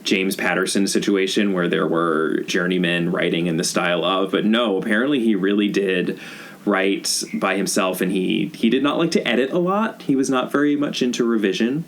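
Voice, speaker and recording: A podcast co-host chatting casually and lively about a mystery author. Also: sits low, moderate pace. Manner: chatty, lively, often laughing. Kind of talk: casual chat about books.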